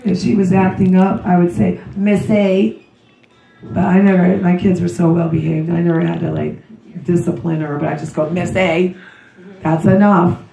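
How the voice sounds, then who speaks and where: A hoarse woman with a cold gives a rambling, emotional memorial tribute to her daughter. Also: fairly low pitch, flat delivery, a little fast, mellow. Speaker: grieving mother giving a memorial tribute. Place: memorial service room. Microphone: recorded from a distance by someone in the room. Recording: dull, roomy, distant recording.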